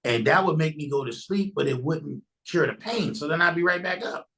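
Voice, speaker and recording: A man's voice: a little high, a little fast, pushed and bright, low-quality recording. A man guesting on a podcast, earnestly telling a personal testimony in a loose, conversational way and often restarting his sentences.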